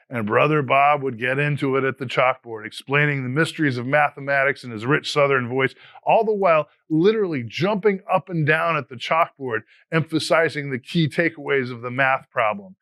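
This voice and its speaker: A man's voice: mid-range voice, fairly bright tone, dry recording. A man in his fifties, an educator, giving a scripted, earnest motivational talk to fellow teachers. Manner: earnest, motivational, measured delivery. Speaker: educator and podcast host.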